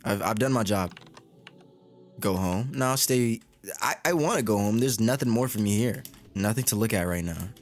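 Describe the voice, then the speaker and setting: A man's voice: lowish voice, normal speed, soft background music. A man giving casual, joking commentary on a game playthrough, swearing freely and rambling as he reacts. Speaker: gaming content creator.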